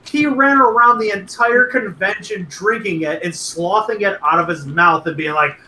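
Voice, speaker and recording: High, bright young man telling stories. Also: normal speed. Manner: animated storytelling, crude jokes, voices friends. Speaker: podcast regular telling a story. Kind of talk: casual chat. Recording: echoey room with faint noise.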